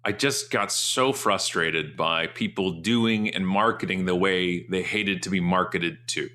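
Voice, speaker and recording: A man speaks as an interview guest, his tone bright and forceful over a fairly low pitch. He tells stories loosely and with humor, and his voice leaps upward whenever he mimics someone else. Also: unhurried. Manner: animated, jumps high in pitch for mocking quotes; loose, joking storyteller. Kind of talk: casual storytelling interview.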